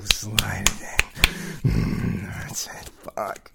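A man in an intimate whispered role-play, speaking in a dominant, teasing murmur broken by moans and soft laughs. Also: on the low side, animated, slow pace, gravelly, noisy background. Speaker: audio role-play performer.

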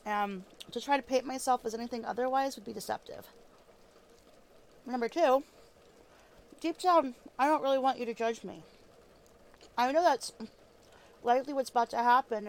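A woman's voice: on the high side, vocal fry. A woman acting as a weary, foul-mouthed female ex-killer trying to live in peace, talking casually with lots of fillers and restarts, sometimes with her mouth full, in an audio role-play drama. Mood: confessional. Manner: chewing food while talking.

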